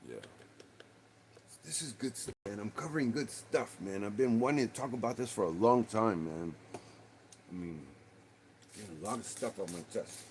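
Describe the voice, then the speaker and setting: A man's voice: fairly low pitch, moderate pace, long pauses, darkish tone, slight background noise. A man with a Texan accent hosting a livestream, rambling casually and calling his viewers dude and man. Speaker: livestream host.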